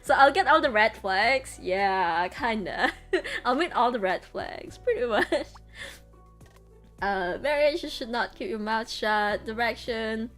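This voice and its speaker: A woman's voice: on the high side, lively intonation, slow pace, faint music behind. A woman streamer chatting casually over trip photos, giggly and full of fillers. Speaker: vtuber streamer.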